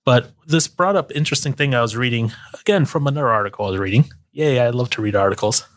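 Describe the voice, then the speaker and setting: A man's voice: medium pitch, fast talker. A man co-hosting a casual faith podcast, talking in a loose, rambling way with fillers and quoted asides. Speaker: podcast co-host. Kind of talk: casual chat about faith.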